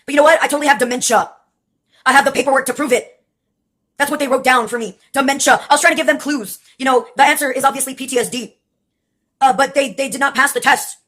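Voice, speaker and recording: A woman with a high voice talks in a loose, rambling monologue. She is sarcastic and profane, laughs often, and jumps from one topic to the next. She comes from Texas. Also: steady tone, fast, a bit bright. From Brownsville, Texas.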